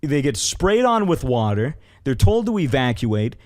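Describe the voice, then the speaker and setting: A man's voice: mid-range voice, sing-song, a little slow. A man hosting a podcast, telling a story in casual chat, blunt and profane, sounding incredulous. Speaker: podcast host.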